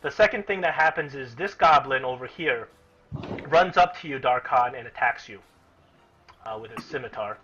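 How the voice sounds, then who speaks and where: A man's voice: mid-range voice, animated, moderate pace, bright, forceful tone. A man narrating as game master in an online tabletop game, casual and explanatory, with many fillers and restarts, on muffled lo-fi audio.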